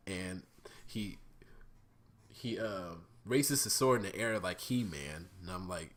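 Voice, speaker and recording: A man vlogging a casual, profane review of a cartoon episode, rambling with fillers and restarts and breaking into excited laughter. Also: low-pitched, slow pace, pauses often. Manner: profane, bursts into laughing squeals when excited.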